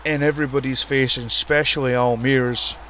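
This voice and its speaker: A man giving casual, profane, excitable commentary on a wrestling video game and ranting about the roster. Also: medium pitch, a little fast, a little hiss or hum. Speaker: commentator and show runner.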